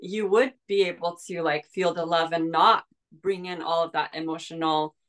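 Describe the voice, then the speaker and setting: A woman's voice: on the low side, fairly even intonation, normal speed, fairly bright tone. A woman hosting an interview, talking in a casual, reflective way with many fillers. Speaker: show host. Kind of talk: interview conversation.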